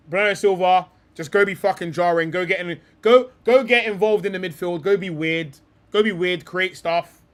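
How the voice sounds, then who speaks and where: A young man hosting a live football talk stream. He swears a lot and thinks aloud, often trailing off into low mutters. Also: a bit bright. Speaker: streamer host.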